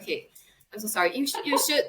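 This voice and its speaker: A woman's voice: lowish voice, normal speed, pushed and bright, a little hiss or hum. A woman co-hosting a casual podcast chat, talking in a chatty, slightly nervous way. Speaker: podcast co-host.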